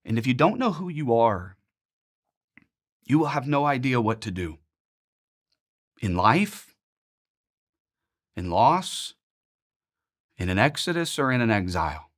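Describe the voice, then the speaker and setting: Man, 40s, Bible teacher, earnest, emphatic, middle pitch, measured pauses. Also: sing-song. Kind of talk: teaching a Bible study series.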